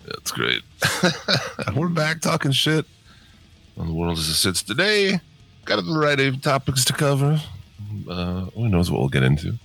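A man's voice: mid-range voice, very animated, normal speed, creaky, long pauses, fairly bright tone. A middle-aged man hosting a podcast in a groggy morning voice, laid-back and swearing freely as he chats and laughs. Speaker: podcast host. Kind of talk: casual chat.

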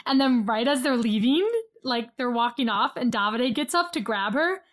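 A woman co-hosting a casual podcast, briskly recapping a reality show and laughing often. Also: fairly high pitch, a bit bright. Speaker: podcast co-host.

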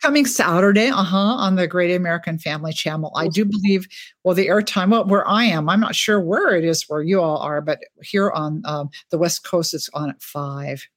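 A woman author chatting in an interview, telling lively stories about her books and life. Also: on the low side, moderate pace, dry recording, studio quality. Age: older. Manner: chatty, animated storyteller. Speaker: author guest. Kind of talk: casual interview chat. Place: home, West Coast.

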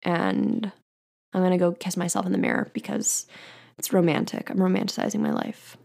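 A woman's voice: lowish voice, very animated, moderate pace, gravelly, darkish tone. A young woman hosting her own podcast, chatting casually and bubbly as she reads out listener comments. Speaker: podcast host. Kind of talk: casual solo podcast chat.

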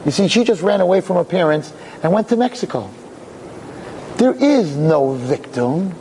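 A man's voice: high-pitched, lively intonation, moderate pace, mellow, slight background noise, poor audio. Guy doing a smug pricey defense lawyer, needling, mocking, voice jumping way up then back down. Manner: needling, mocking cross-examination.

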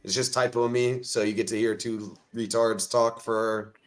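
A man's voice: lowish voice, flat delivery, normal speed. A man, a podcast co-host, chatting casually with crude, joking asides. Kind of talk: casual chat.

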